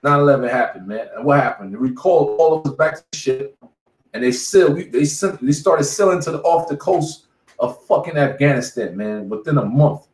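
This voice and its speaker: A man of about forty leads a street Bible study in an echoey room, preaching casually and swapping war stories. His medium-pitched voice has lively intonation and a fairly quick pace, with a slight hiss or hum. He's emphatic and profane and tacks "man" onto nearly every phrase.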